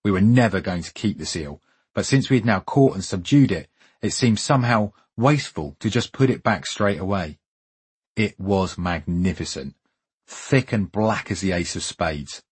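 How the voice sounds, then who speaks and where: A man narrates a first-person memoir in a fairly low, husky voice. His reading is wry and vivid, with a dramatic sense of pacing. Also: lively intonation, moderate pace. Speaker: storyteller.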